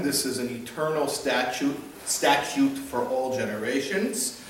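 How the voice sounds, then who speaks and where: In an echoey hall picked up by a distant mic, with faint ambience and slight background noise, a man of medium pitch talks unhurriedly and barely pauses. Maybe a rabbi, he's giving a casual Torah class on Jewish practice that opens with a joke, in a conversational teaching style.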